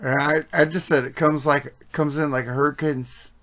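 A man hosts a casual podcast, crude and swearing as he moves things along. His voice is a touch higher than most men's. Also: little pitch movement, normal speed, a bit bright. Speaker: podcast host. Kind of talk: casual chat about metal albums.

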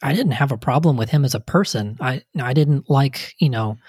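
Man, mid pitch, hesitant, filler-heavy casual talk, dry recording. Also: moderate pace, darkish tone, breathy edge, dry recording. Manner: hesitant, full of "you know" and "um". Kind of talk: casual political chat.

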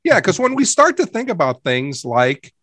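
A man's voice: high voice, very animated, moderate pace, a bit bright, dry recording. A man co-hosting a podcast about emergency medical work, upbeat and emphatic, often repeating phrases for effect. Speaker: podcast co-host. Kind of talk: casual podcast talk.

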